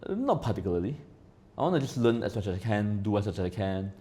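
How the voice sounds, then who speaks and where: A man talking as a podcast guest in casual chat. He rambles, swears often and keeps asking "right?", swinging between loud and quiet. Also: fairly low pitch, sing-song, quick pace.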